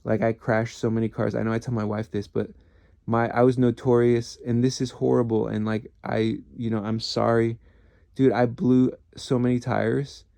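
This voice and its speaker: Man in his thirties, rambling ex-cop storyteller, gravelly voice, dark tone, dry close sound. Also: medium pitch, little pitch movement, normal speed, no echo. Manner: rambling, swearing, self-deprecating with frequent restarts. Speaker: former police officer. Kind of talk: casual storytelling.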